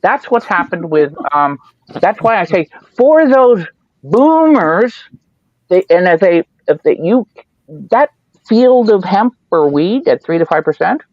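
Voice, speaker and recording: A man's voice: sits high, very animated, measured pace, no echo. Rambling man with dull lo-fi sound. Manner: rambling storyteller, acts out quoted voices. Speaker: podcast host. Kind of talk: casual chat.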